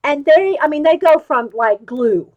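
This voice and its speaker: High-voiced woman rambling on a home live stream, chatting to viewers over her webcam, keeps wandering off topic. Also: expressive, unhurried, phone-quality sound. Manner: chatty, talks straight to viewers. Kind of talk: casual show-and-tell live stream. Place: home craft table. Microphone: webcam at her table.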